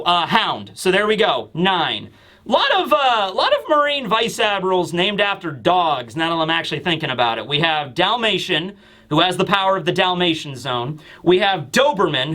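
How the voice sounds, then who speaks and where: A man's voice: sits high, pushed and bright. A man reviewing a comic chapter in casual chat, rambling and thinking aloud with many fillers. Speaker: anime and manga reviewer.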